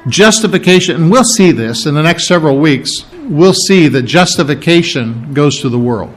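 Man, preacher, verse-by-verse sermon, slightly high voice, repetitive, rhetorical questions.

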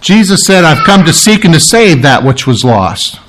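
A male pastor teaching through a Bible passage, his voice sitting a little higher than most men's. He preaches in a conversational way, repeating key words for emphasis and checking in with listeners. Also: very animated, moderate pace, noisy background. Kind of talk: sermon, verse-by-verse Bible teaching.

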